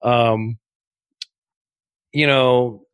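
A man's voice: mid-range voice, fairly even intonation, very slow, a bit bright, smooth, no echo. A man chatting as a podcast guest, telling rambling, darkly humorous stories full of fillers and restarts. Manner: rambling storytelling with frequent fillers. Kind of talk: casual podcast conversation.

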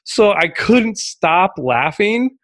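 A man's voice: sits high, big pitch swings, takes it slowly, fairly bright tone, no room sound. A man chatting as a podcast guest, telling rambling, darkly humorous stories full of fillers and restarts. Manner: rambling storytelling with frequent fillers. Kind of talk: casual podcast conversation.

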